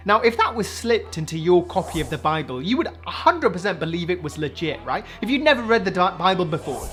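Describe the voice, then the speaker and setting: A man's voice: high voice, sing-song, a little fast, fairly bright tone, soft background music. A man in his twenties, a junior doctor and comedian, hosting a comic science news roundup with sarcastic asides. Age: 20s.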